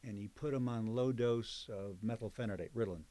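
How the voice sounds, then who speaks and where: In an oral history interview, an older psychologist and professor reminisces about his career, chatting and digressing with plenty of fillers. He speaks briskly, with a lowish, dark-toned voice.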